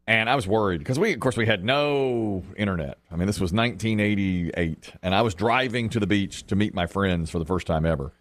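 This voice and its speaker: A man's voice: lowish voice, a little fast, few pauses, no echo. A man in his fifties, a radio host, rambling wryly through casual banter. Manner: rambling, wry storyteller.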